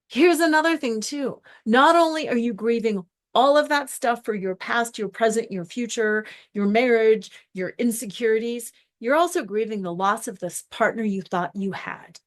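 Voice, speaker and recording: A woman podcast host and coach talks casually in a slightly high voice. She piles up long spoken lists. She acts out the reactions she quotes. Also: expressive, measured pace.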